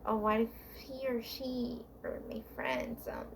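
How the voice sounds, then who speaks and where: A woman's voice: a little high, very animated, unhurried, vocal fry, noisy background. A woman vlogger giving heartfelt relationship advice in a casual, confiding monologue, rambling with frequent restarts and fillers.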